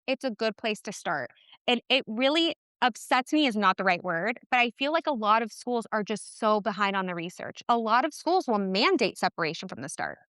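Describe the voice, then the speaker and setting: A woman guest on a parenting podcast, talking in a passionate, animated way with quick asides. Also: on the high side, no room sound, clean studio sound. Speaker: podcast guest, twin mom. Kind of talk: casual interview chat.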